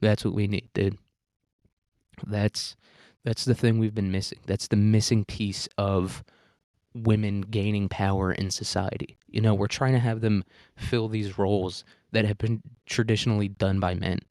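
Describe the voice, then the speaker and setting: A young man with a rambling, crude, deadpan manner, ranting satirically as a podcast host on a close microphone. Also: lowish voice, measured pace, dry recording. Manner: rambling, crude, deadpan provocative, many restarts. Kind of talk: satirical comedic rant.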